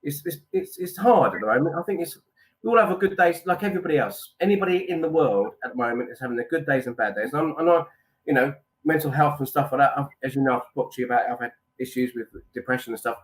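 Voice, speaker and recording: A man's voice: medium pitch, animated, quick pace. A man, guest on a chat show, talking in a rambling, chatty way and calling people "mate". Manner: rambling, chatty, slips into impressions. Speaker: guest impressionist. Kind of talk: casual chat.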